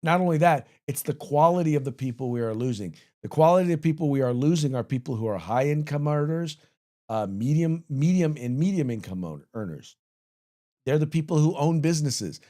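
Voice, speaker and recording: A man's voice: a little high, lively intonation, dark tone. Emphatic man hosting a political commentary show. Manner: emphatic, opinionated, reads out satire headlines with quick asides. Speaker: podcast host.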